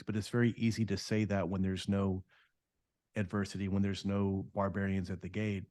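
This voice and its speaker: Man, podcast host, measured thoughtful talk, dry close sound. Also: deep voice, level tone, a little mellow, no echo. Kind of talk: reflective interview commentary.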